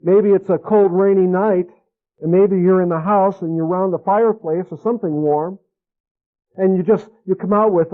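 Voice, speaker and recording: A man with a somewhat high voice delivers an earnest sermon to fathers. He urges and repeats his key lines. The sound is thin and tinny, like audio from an old phone line. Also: a little fast. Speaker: speaker teaching fathers.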